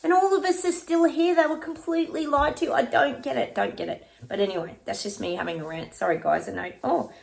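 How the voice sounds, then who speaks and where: A woman's voice: high-pitched, a little fast, gravelly, few pauses, darkish tone. A middle-aged woman, a psychic, chatting casually and at rambling length with her viewers. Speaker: psychic reader. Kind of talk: casual livestream chat with tarot readings.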